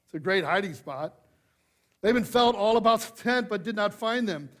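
A man delivers a sermon in a fairly high voice. He leans hard into key phrases, then drops to quiet, confiding asides. His humor stays light and conversational. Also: moderate pace. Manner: expressive preaching, swings from loud emphasis to hushed asides. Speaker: pastor.

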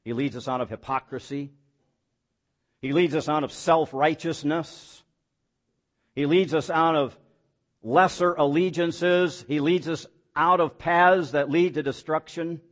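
A man's voice: on the high side, steady tone, measured pace. A man preaching a sermon as pastor, building emphatic points with rhetorical questions and folksy, self-deprecating asides.

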